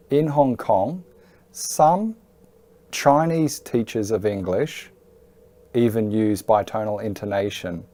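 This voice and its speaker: Male tutor for a lesson video; unhurried delivery, relaxed low timbre, clear patient explanations. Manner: clear, patient, emphatic teaching. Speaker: IELTS teacher. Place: Hong Kong.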